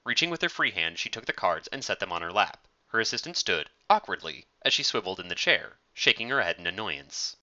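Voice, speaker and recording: A man reading a story aloud as narrator, in a measured, expressive way, on a dull lo-fi recording. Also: deep voice.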